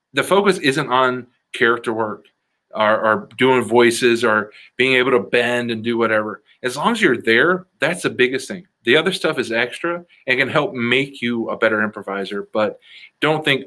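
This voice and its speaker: An improv comedian from the Chicago area talking through his craft in a relaxed, earnest way. His tone is bright and clear, and his pitch sits in the middle. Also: moderate pace. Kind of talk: casual interview answers.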